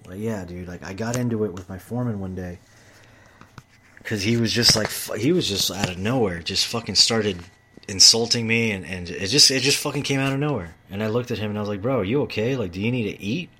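Heated, profane man with a low voice. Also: a little fast, sharp tone, a little hiss or hum. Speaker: manual tradesman. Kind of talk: ranting monologue.

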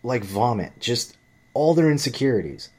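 A man's voice: medium pitch, big pitch swings, normal speed, darkish tone. A man telling a story in a ranting vlog monologue, blunt and profane, often rambling and restarting his sentences. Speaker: vlogger.

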